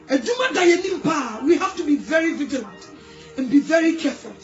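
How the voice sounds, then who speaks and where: A Ghanaian woman preaches through tears in a very high voice. She pleads and exhorts, drifting between English and Twi. The lo-fi recording sounds echoey, with faint music underneath. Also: animated, fairly quick. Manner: crying while pleading, mixes English and Twi. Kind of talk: tearful pleading sermon. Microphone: phone video.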